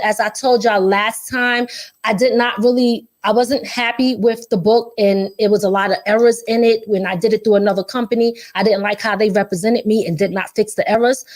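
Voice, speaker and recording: A woman hosting a live online interview show in African American English. She talks in a loose, chatty, upbeat way with plenty of slang. Her voice sits a little high. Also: darkish tone. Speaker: show host.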